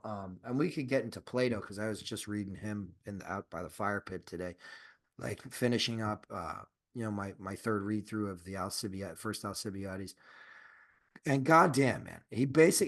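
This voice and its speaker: A man's voice: on the low side, animated, moderate pace. Rambling, cursing man on a podcast. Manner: rambling, profane, with frequent restarts and fillers; grows emphatic and insistent when arguing a point. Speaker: podcast co-host. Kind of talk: casual conversational chat.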